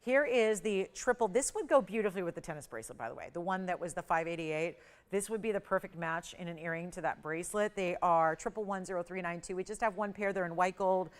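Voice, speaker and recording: A middle-aged woman with a smooth, clear voice pitches products as a live shopping channel host. She talks in emphatic, enthusiastic sales patter and leans hard on certain words. She is in a studio on a lapel mic. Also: fast.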